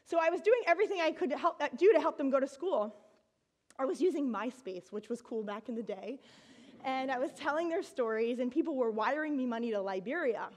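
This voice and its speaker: A woman from the United States tells her story to an audience in a high, bright voice. She talks in an animated way, laughs often, and now and then breaks into excited shouts. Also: a little fast. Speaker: speaker giving a talk.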